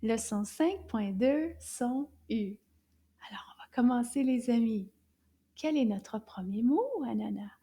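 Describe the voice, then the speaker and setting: A woman's voice: fairly high pitch, animated, measured pace, mellow, slightly rough. A woman teaching a children's lesson in a cheerful, sing-song teacher voice.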